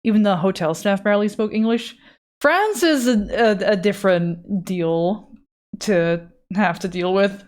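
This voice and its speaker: A woman's voice: mid-range voice, fairly even intonation, a little slow, a little mellow. A young adult woman streamer chatting casually and self-deprecatingly while drawing live, swearing now and then and reading chat aloud. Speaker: art streamer.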